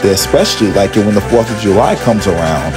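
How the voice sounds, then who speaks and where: A man giving scripted storybook narration in an expressive way. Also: fairly low pitch, quick pace, over music. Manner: expressive, performs all the characters.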